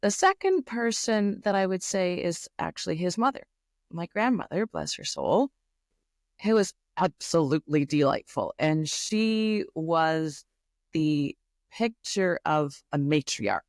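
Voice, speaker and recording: A middle-aged Canadian woman with a Canadian accent, a podcast guest telling family stories in a thoughtful, unhurried way with many fillers. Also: fairly low pitch, animated, dry recording, clean studio sound. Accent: Canadian English. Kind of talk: reflective interview storytelling.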